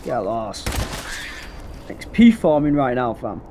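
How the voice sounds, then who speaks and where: A young man talks through a game in casual, slang-heavy banter. His pitch is lively and rises and falls a lot. He breaks into excitable bursts, and the game's sounds run clearly behind him. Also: slow pace, a little hiss or hum. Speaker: gameplay commentator. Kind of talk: casual let's-play commentary.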